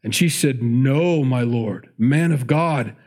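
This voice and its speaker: Slow and darkish in tone, this mid-range male voice belongs to a preacher reading verses during a sermon. He keeps breaking off for conversational asides and fixing his own words as he goes.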